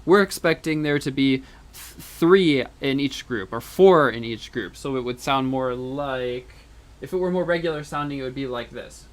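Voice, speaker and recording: A man's voice: mid-range voice, moderate pace, soft background music. Man lecturing, humming rhythms aloud. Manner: explanatory, counts beats aloud and hums rhythms; frequent fillers and restarts. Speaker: music lecturer. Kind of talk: recorded university lecture.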